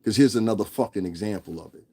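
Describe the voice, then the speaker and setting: A man's voice: on the low side, fast, dark tone, husky. A man ranting in a profane, blunt commentary vlog, stressing his points and laughing between them. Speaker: vlogger.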